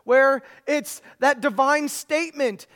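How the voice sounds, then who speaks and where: Taking his time, a preacher works through a sermon at a church service, stressing and repeating key phrases until he swells into loud excitement at the climaxes.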